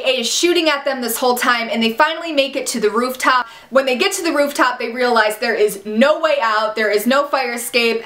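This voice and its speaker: Give me a high-pitched young woman in an echoey room, excitedly recapping a TV episode. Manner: gushing and exasperated, jumps into quoted shouts. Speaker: TV recap vlogger.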